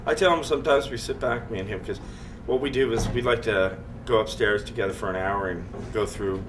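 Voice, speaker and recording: A man's voice: lowish voice, fairly quick. A man, a head chef, telling stories in an interview and acting out the voices of others. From Canada. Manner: animated, acts out quoted voices. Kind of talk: interview storytelling. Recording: distant mic with loud ambient noise.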